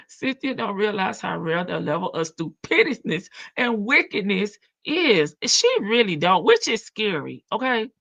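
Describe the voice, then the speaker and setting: A woman's voice: medium pitch, very animated, slow, creaky, a bit bright, dull audio. A woman with a country Southern drawl hosting a casual livestream, chatting, laughing and reading viewer comments. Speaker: livestream reaction host.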